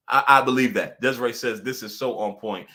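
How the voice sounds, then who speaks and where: A young man coaching viewers on a live stream, energetic and chatty, laughing often and acting out little dialogues. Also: mid-range voice. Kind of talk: motivational live-stream talk.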